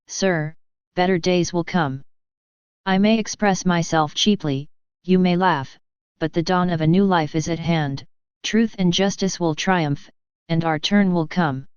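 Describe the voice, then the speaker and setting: A woman's voice: on the low side, clean tone, no echo, lightly acted. A woman reading the part of an agitated young male asylum patient who lashes out with bitter, accusing outbursts. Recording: dull dry studio audio.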